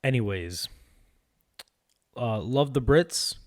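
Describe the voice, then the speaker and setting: A young man, co-hosting a podcast in a profane, animated rant. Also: mid-range voice, slow pace. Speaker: podcast co-host. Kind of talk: casual chat.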